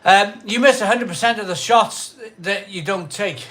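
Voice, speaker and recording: This man's voice sits high and moves at a normal pace. Middle-aged and a little tipsy after a pint or two, he hosts a craft beer live stream, chatting casually and rambling on, repeating himself and calling out big cheerful hellos.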